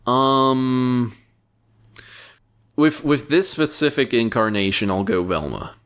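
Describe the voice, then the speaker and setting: A man's voice: mid-range voice, slow, fairly bright tone. A young man co-hosting a podcast in casual chat, sardonic and crude, often stumbling over his words. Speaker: podcast co-host.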